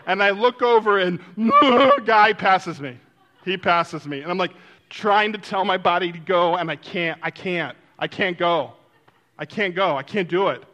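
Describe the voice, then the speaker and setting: Man, high-pitched, lively storyteller, preacher style, acts out voices. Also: normal speed, highs cut off. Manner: animated, acts out quotes, drops to a soft reflective tone. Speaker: speaker telling a story. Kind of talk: sermon-like storytelling.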